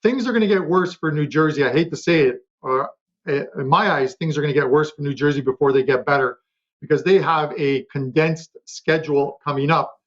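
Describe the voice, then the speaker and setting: A man on a betting panel, chatting quickly about his picks with lots of fillers and restarts. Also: on the high side, dull audio. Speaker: sports betting handicapper. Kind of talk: casual panel talk.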